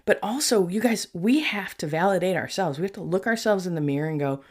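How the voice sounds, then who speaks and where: A middle-aged woman hosting a Christian podcast, talking in an earnest, chatty and animated way and speaking straight to her listeners. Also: on the low side, fairly quick. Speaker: podcast host and Christian life coach. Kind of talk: casual faith-based podcast monologue.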